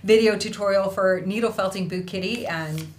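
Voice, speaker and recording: Hosting an online felting school's casual craft livestream, a woman reads viewers' messages aloud in a bubbly, effusive way, laughing often. Her voice is medium-pitched and a little mellow at a normal speed, with slight background noise.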